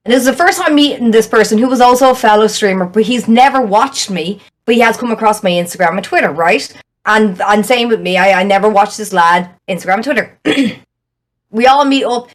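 A woman's voice: medium pitch, expressive. An Irish woman, a streamer and podcast guest, telling stories in casual chat, blunt and full of swearing. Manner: fast, blunt storytelling with heavy swearing.

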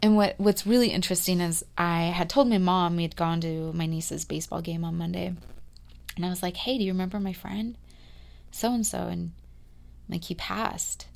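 A woman in her thirties hosting a podcast, talking through a rambling, confiding personal monologue full of fillers, dropping to a hush and then rising loud. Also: fairly low pitch, steady tone, normal speed, gravelly. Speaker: podcast host.

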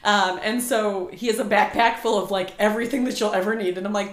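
A woman in her thirties co-hosting a podcast in casual chat, talking in a lively, emphatic way and acting out what people say. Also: on the high side, a little fast, hardly any pauses. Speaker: podcast co-host. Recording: echoey room.

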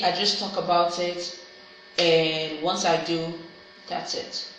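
A woman's voice: fairly low pitch, level tone, a little slow, fairly bright tone, slight background noise. A woman giving an earnest, heartfelt personal monologue to her viewers. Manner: earnest, heartfelt, self-encouraging. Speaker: vlogger. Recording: very echoey room.

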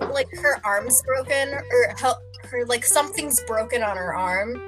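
A woman's voice: on the high side, a little slow, few pauses, music in the background, rough recording. A young woman casually telling a rambling story, giggling and acting out what people said. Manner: rambling, giggly, acts out quotes. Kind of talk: casual chat.

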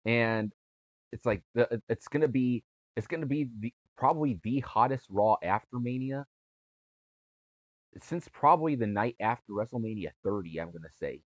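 A man's voice: mid-range voice, expressive, normal speed, no room sound, lo-fi sound. A man co-hosting a wrestling podcast in casual chat, rambling and restarting his sentences. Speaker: podcast co-host.

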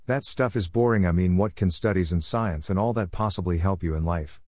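A man's voice: deep voice, fairly quick, a little mellow, no room sound, studio quality. A man voicing a bored, cheeky boy who whines and mocks. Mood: whiny.

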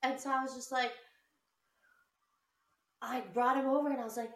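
A woman telling a story in a casual chat, animated, swearing often and laughing as she talks. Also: high-pitched, moderate pace, pauses often. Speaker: podcast co-host. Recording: roomy, a bit distant from the mic.

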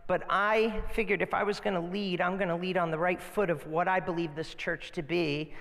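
A man's voice: high-pitched, moderate pace. A man pastor preaching a sermon in a conversational, storytelling way. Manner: conversational, animated storytelling with restarts. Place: church sanctuary. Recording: church hall with long reverb.

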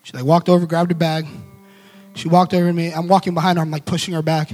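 A man preaching a devotional message as an animated, casual storyteller. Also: on the high side, quick pace, faint music behind.

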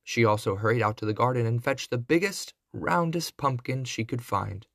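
A man reading a classic fairy tale aloud, in a deliberate storybook narration. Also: mid-range voice, creaky, a bit bright, no echo, clean studio sound.

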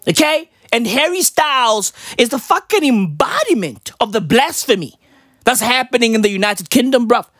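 A brash young man rants in a loud, profane, slang-heavy stand-up comedy style. His pitch swings wildly and is very animated, and the recording is dry and close. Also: normal speed, dry recording.

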